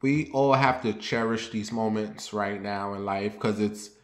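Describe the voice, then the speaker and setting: A young man chatting candidly to his viewers, confiding and rambling, then lively and sassy when he tells a story. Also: on the low side, measured pace. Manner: turns lively and sassy when telling stories. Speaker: vlogger. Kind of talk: casual personal chat to camera. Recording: roomy echo.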